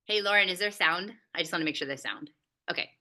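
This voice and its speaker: A woman presenting a talk to educators, her voice bright and forward with a fairly low pitch. She speaks in a loose, conversational way, pausing often and filling gaps with hesitations. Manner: conversational, hesitant with many filler sounds. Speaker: behavior support presenter. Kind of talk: recorded teaching presentation.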